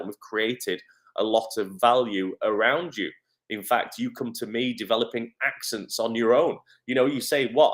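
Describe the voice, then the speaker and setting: Encouraging Northern English acting coach. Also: male voice, fairly low pitch. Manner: energetic, encouraging, reads out viewer comments. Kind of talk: live-streamed coaching talk.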